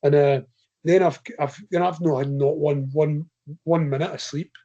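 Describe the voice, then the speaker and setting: A Scottish man with a husky, slightly high voice tells a long, meandering story to podcast hosts. His talk is loose and chatty, with laughs scattered through it. The audio sounds a touch dull and lo-fi. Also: steady tone, normal speed, warm tone. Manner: rambling, chatty anecdote with frequent laughs. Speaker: podcast guest, ultra runner. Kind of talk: casual storytelling.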